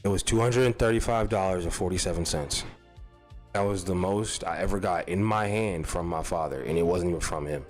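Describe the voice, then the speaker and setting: A man's voice: sits low, a little fast, faint music behind. A young man telling a personal story in a casual, profane, rambling way. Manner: profane, animated, rambling with restarts.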